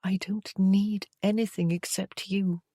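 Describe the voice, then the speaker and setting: A woman voicing a young lady in love in a period romance, soft and earnest, a little higher than her narration. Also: little pitch movement, unhurried, no room sound, clean studio sound, natural voice. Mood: tender.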